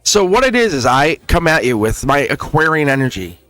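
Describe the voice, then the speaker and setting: A man hosting a spiritual tarot talk, speaking in an animated way with lots of repetition and frequent laughs. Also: on the high side, fairly quick. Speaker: tarot reader and channel host.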